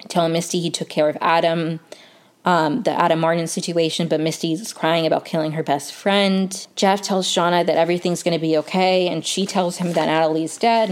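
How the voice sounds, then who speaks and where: A woman's voice: fairly low pitch, a little mellow. A woman giving a casual, chatty TV episode recap, full of "um" and "like". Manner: chatty, many fillers like "um" and "like". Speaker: TV recap vlogger.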